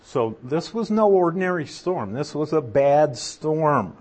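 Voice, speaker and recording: A husky male Bible teacher speaks slowly in a fairly high voice. His pitch rises and falls a lot as he explains Greek words and asks his listeners questions. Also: expressive, a little mellow.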